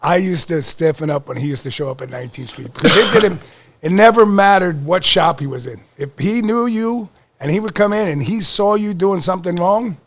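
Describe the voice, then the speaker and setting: A man's voice: sits high, a little fast. A man co-hosting a podcast in casual chat, chiming in and reminiscing. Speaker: podcast co-host.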